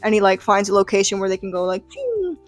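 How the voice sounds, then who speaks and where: A young woman chats through a comic book recap in a relaxed, rambling way, peppered with fillers. Her voice sits at an ordinary middle pitch and sounds dry and close to the mic. Faint music plays under her talk. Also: racing, no echo. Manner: enthusiastic and chatty. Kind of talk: casual comic book breakdown.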